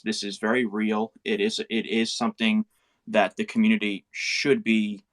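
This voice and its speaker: A man in an online community discussion, speaking in measured, halting phrases. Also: lowish voice, fairly bright tone.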